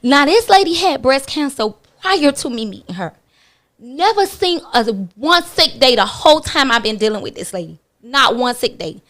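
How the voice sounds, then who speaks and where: A woman with a slightly high voice tells a story on talk radio in a blunt, candid way. She swears casually now and then. She slips into the voices of the people she quotes, which keeps the retelling lively. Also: moderate pace. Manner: animated, acts out other people's lines in her retelling. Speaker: radio show guest.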